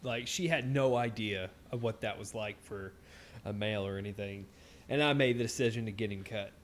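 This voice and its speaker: A man's voice: on the low side, brisk, a little hiss or hum. A man co-hosting a casual podcast, talking in crude banter full of swearing, "like" and "uh.". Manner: heavy swearing, many fillers and restarts. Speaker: podcast co-host.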